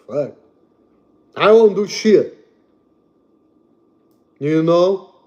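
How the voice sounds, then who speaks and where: A man's voice: high voice, lively intonation, slow, long pauses, muffled recording. Blunt, cursing Russian-accented young man. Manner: blunt and profane, repeats himself, swings loud and soft. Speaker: livestreamer. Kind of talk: casual rant to stream.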